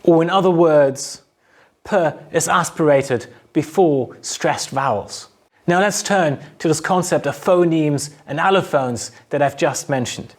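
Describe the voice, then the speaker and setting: A male university lecturer talks through his material in a measured, explanatory way. His voice sits a little higher than most men's, and he stops now and then to sound out example words clearly. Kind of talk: recorded lecture narration.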